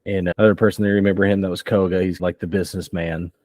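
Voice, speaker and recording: A man's voice: low-pitched, little pitch movement, fast talker, darkish tone, dry recording. A man running a tabletop role-playing game as game master, casual and joking, laughing often and swearing now and then.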